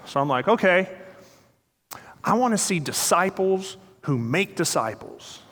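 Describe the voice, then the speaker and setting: A man's voice: high voice, animated, moderate pace, fairly bright tone. Man telling stories in a reverberant hall. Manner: storytelling, acting out quoted dialogue; questions the audience directly. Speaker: speaker. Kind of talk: motivational talk to a live audience. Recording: long reverb of a large hall.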